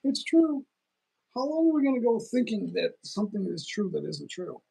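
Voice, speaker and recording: Tired middle-aged guy rambling on his phone livestream, super gravelly and husky. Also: high voice, big pitch swings, fairly quick, mellow, rough recording. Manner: meandering, talks while eating, restarts often. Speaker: livestream host. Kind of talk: rambling casual livestream chat.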